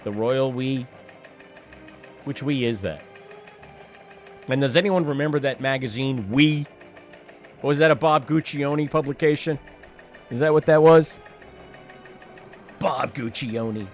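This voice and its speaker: A man in his late fifties hosts a radio call-in show with a mid-pitched voice. He talks in a wry, meandering way and drops profane asides. Faint music sits underneath. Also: slow, pauses often. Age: 50s. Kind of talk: rambling talk radio monologue.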